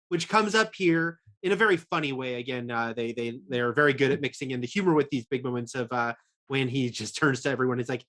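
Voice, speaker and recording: A man's voice: a little high, brisk, fairly bright tone. Chatty man rambling through a review. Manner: rambling with frequent fillers and laughs. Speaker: film and TV critic co-host. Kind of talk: casual review discussion.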